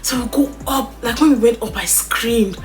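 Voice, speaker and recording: A young woman telling a story in a casual, animated way while doing her makeup on camera, acting out the dialogue. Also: on the high side, moderate pace, faint music behind. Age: young adult. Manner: animated, dramatic retelling with quoted dialogue. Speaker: beauty vlogger.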